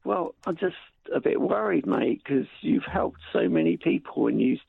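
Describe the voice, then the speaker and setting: A croaky-voiced man calling in to a radio show, matey and teasing. His voice has a heavy gravelly rasp and a husky edge. It comes through a thin, tinny phone line. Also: a little high, animated, normal speed, no room sound. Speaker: radio caller. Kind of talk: phone-in call.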